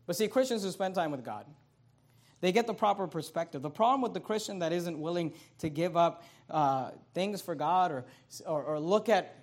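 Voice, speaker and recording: A man's voice: a little high, darkish tone. A man preaching a sermon as pastor, reading scripture aloud and stressing its words with emphasis. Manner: emphatic preaching with Bible quotations.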